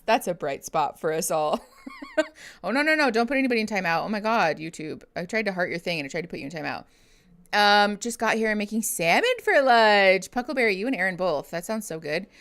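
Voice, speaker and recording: A woman's voice: medium pitch, expressive, fairly quick, fairly bright tone. A woman therapist hosting a casual livestream, chatting with viewers, reading their messages and laughing often. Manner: reads out and answers viewer chat messages. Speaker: therapist streaming reactions to a reality show.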